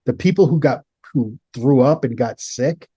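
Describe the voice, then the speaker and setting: A man guest in an interview, telling his story earnestly and measured, with an occasional swear for emphasis. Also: mid-range voice, mellow, husky, dry recording. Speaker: guest, author and producer.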